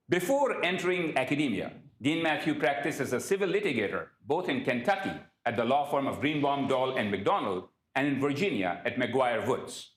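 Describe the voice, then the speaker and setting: A man's voice: mid-range voice, roomy sound, a little hiss or hum. A man hosting a university lecture, reading a formal scripted introduction of the guest speaker with a few small slips. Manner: reads from prepared remarks, occasional slips. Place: university event hall.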